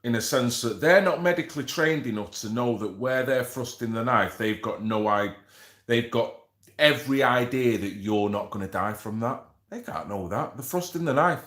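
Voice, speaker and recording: A man's voice: mid-range voice, fairly bright tone. Chatty man in echoey room. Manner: chatty, swearing, banter with viewers. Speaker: livestream host. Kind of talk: casual livestream chat reading comments.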